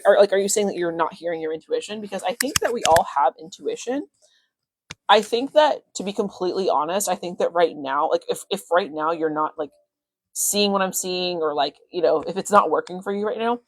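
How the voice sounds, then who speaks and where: A young woman coaches over a phone live stream, rambling casually with plenty of fillers and sudden bursts of excitement. Her voice sits on the low side, and there's no room sound.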